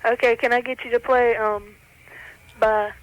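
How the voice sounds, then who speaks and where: A man's voice: very high voice, level tone, unhurried, lo-fi sound. A man calling in to a radio show, hesitant and stumbling over his words. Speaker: caller. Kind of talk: radio call-in.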